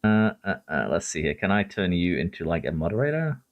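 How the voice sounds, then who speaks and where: A man streaming a racing management game, talking excitedly to his drivers and reading chat. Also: low-pitched, fairly quick, highs cut off, soft background music. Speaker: gaming streamer. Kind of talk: live game commentary.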